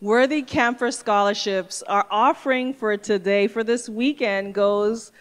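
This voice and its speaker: A woman hosting a church service, introducing a guest and calmly inviting people to give an offering. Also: mid-range voice, a little slow. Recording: long hall reverb.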